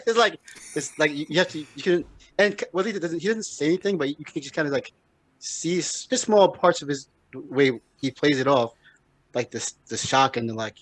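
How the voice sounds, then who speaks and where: A man's voice: mid-range voice, a bit bright, dry recording. Rambling man, dry close sound. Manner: rambling, many restarts, swears freely. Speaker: podcast co-host. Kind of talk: casual film discussion.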